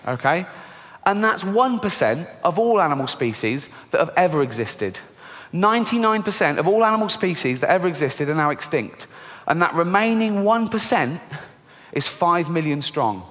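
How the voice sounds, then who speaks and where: A middle-aged man performs stand-up, his voice set slightly high and swinging widely in pitch. He delivers deadpan punchlines to a laughing audience, heard with long reverb in a large live theatre. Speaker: stand-up comedian. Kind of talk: stand-up comedy routine.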